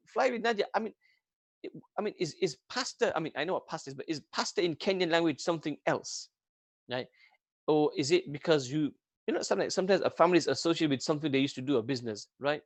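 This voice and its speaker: A man hosting a local radio show in casual chat, jokey and rambling, with a British accent, getting excitable and reading phone numbers out slowly. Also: medium pitch, no room sound. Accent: British English. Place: radio studio.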